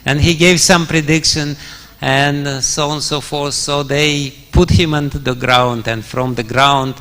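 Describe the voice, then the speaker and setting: A man's voice: a little high, steady tone, a little slow, fairly bright tone. A man preaching a scripture story in a temple hall, chuckling often and using many fillers. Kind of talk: storytelling sermon.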